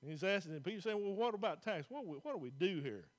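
A pastor, preaching a folksy, plain-spoken sermon to a church congregation. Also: male voice, high-pitched, lively intonation, fast.

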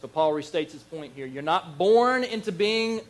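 A man preaching a Bible lesson, telling the stories in a lively, animated way and acting out the figures he quotes. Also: on the high side, normal speed. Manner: animated storyteller, acts out quoted voices, chuckles. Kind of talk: Bible teaching sermon.

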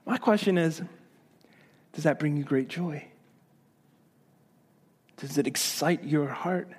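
High-voiced man preaching a lively sermon. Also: slow, breathy edge. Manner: animated preaching with rhetorical questions and humor. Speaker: pastor.

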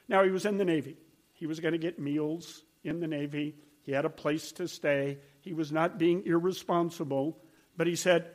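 A man's voice: on the high side, moderate pace. An older man preaching a sermon, telling stories in an earnest, conversational way. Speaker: pastor.

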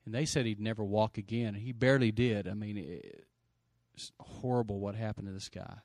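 A middle-aged pastor preaching an energetic sermon, swinging from loud bursts to hushed stretches and calling for amens. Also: male voice, on the low side, a little fast, no room sound, clean studio sound. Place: church sanctuary.

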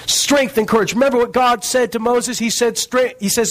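A male preacher giving a sermon, reading scripture aloud and stressing key words with slow, dramatic pauses. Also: very high-pitched, a bit bright, poor audio.

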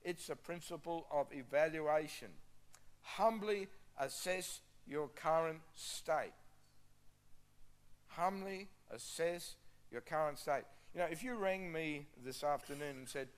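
A man's voice: fairly high pitch, slow pace. Emphatic pastor, man preaching. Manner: emphatic, repeats key phrases for stress. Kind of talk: sermon.

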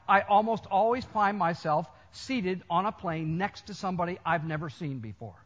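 Older American male preacher, emphatic storytelling sermon delivery, sharp tone. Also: high voice. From United States. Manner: emphatic, storytelling, addresses congregation directly. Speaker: preacher, college chancellor. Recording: dull lo-fi sermon recording.

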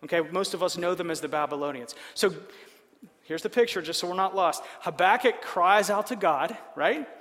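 A man's voice: high voice, moderate pace, fairly bright tone, big-room sound. A man preaching a sermon in a conversational way, often checking in with listeners by asking "right?". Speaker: pastor.

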